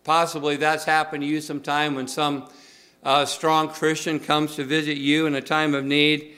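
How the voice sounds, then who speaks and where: Bright-voiced man preaching a sermon. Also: on the high side, level tone, moderate pace. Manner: conversational, folksy, many filler uhs. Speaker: pastor.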